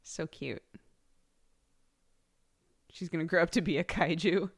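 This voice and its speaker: A young woman livestreamer with a lowish, breathy voice chats casually with her viewers at a slightly slow pace. She's bubbly and giggly and thanks subscribers by name.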